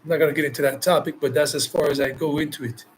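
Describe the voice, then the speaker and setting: A man's voice: on the high side, steady tone, rapid-fire, slight background noise, rough recording. A man from the United States, a travel vlogger answering viewer questions live, talking emphatically and repeating phrases for stress. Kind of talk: live Q&A chat.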